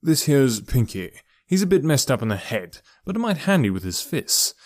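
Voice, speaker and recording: A man voicing a grinning, menacing male thug in an audiobook, speaking in a slow, mocking drawl. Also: medium pitch, big pitch swings, dry recording, studio quality, pitched above the performer's own voice, natural voice.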